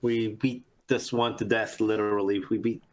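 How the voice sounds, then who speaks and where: A man's voice: on the low side, flat delivery, normal speed. A man co-hosting a casual podcast, playful and jokey. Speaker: podcast co-host.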